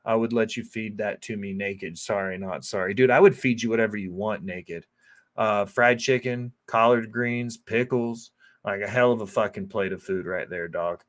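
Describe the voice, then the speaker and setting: A man's voice: lowish voice, normal speed. Man, chef, casual cooking narration, heavy swearing, rambling, filler-laden. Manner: profane, loose and rambling with lots of fillers.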